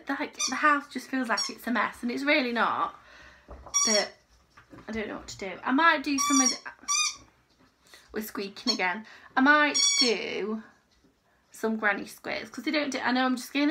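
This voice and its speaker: A woman's voice: on the high side, expressive, moderate pace, long pauses, background noise. A woman chatting casually and rambling in a crochet vlog from her home. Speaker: crochet vlogger. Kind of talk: casual chat.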